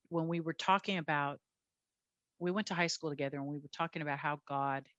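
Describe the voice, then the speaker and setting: A woman police officer telling her story as a guest, animated and blunt, often repeating her words. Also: low-pitched, no room sound. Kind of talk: candid personal storytelling.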